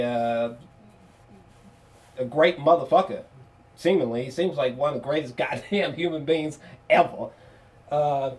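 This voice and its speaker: A man casually reviewing an album on video, excitable and profane, laughing often and restarting his sentences. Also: fairly high pitch.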